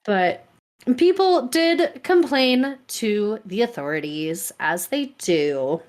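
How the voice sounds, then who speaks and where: Slow, dry-spoken woman podcast host. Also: mid-range voice, animated. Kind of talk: casual chat.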